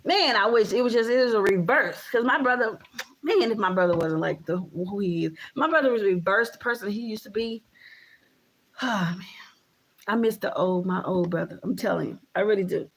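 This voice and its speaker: A woman's voice: mid-range voice, fairly quick. A woman in her thirties ranting casually to camera as a vlogger, emphatic and repetitive, with frequent swearing. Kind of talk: casual vlog rant.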